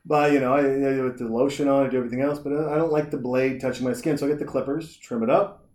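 A young man from Montana hosts a casual podcast, rambling through long stories and acting out the people in them. His voice sits in a middling pitch. The room around him is echoey and roomy. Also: steady tone, quick pace, a little mellow. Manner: rambling storyteller, acts out voices. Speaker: podcast host. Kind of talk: casual storytelling chat.

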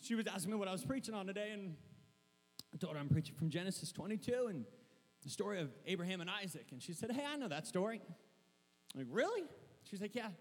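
A young adult man preaching a sermon, telling stories with animated energy, shouting at times and laughing. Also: high voice, quick pace. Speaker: pastor. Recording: long hall reverb with mains hum.

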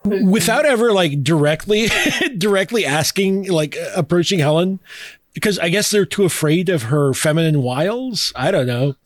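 This male podcast host has a high-pitched voice with lively intonation and speaks at a moderate pace. The recording is clean studio sound with no room echo. He's casual and chatty, reading passages aloud, laughing easily, and using plenty of fillers and restarts.

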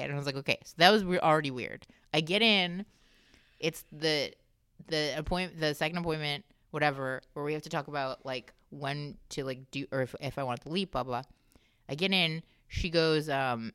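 Her voice deep, clear and resonant, a woman speaks at a moderate pace as a guest on a laid-back podcast. She's an animated storyteller who acts out dialogue, laughs a lot, and cusses openly in a frank, conversational way. The recording is dry, with clean studio sound.

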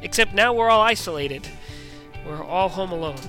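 A man's voice: sits high, animated, moderate pace, reverberant, long reverb tail, music in the background, low-quality recording. A man preaching a sermon as pastor, casual and conversational, with frequent ums and restarts.

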